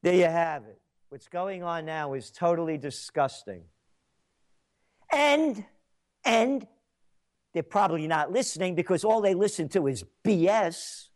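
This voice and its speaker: A man with a high voice that swings widely up and down, ranting on talk radio. He speaks slowly and lets each insult land. His tone is sarcastic and scornful, and he breaks into shouting now and then. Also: lively intonation. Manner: angry, mocking, insulting rant. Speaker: radio show host.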